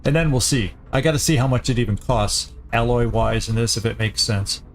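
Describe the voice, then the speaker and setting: A man hosting a let's play, giving casual gameplay commentary as he thinks aloud, often halting and restarting. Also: mid-range voice, faint music behind.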